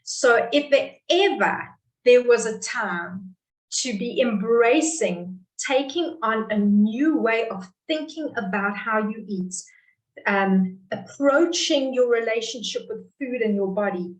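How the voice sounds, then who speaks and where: A woman's voice: a little high, lively intonation, recorded from a distance. South african lady dietitian explaining stuff on a video call, roomy echo, sits back from the mic. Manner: explanatory, measured, talks to participants directly. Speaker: clinical dietitian presenter. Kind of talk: online webinar teaching. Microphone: computer mic on a video call.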